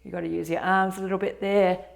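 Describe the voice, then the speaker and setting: A woman in her forties teaching a yoga routine, gentle and encouraging with chatty asides. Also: lowish voice, level tone, quick pace, gravelly. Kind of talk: guided exercise instruction.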